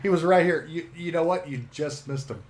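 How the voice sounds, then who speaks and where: Rambling laughing man with a higher voice. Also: brisk, background noise. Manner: rambling, laughs often, swears. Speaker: podcast co-host and shop owner. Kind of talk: casual chat.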